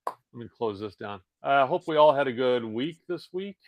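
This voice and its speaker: A middle-aged man on a podcast, cracking wry and crude jokes in a deadpan way. His voice sits at an everyday pitch and is recorded very dry, with no room sound. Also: moderate pace, no room sound, dull audio. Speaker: podcast co-host. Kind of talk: casual chat.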